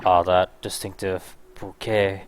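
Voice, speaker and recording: A man's voice: deep voice, level tone, takes it slowly, slight background noise. A man voicing a pompous old bomb sailor. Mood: mournful. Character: old male bomb-creature sailor, gruff and proper. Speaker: streamer.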